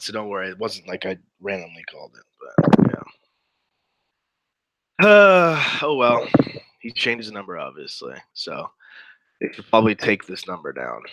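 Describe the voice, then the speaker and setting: A man's voice: on the low side, noisy background. A man giving casual, sarcastic commentary while reading through a chat log aloud, with wry asides.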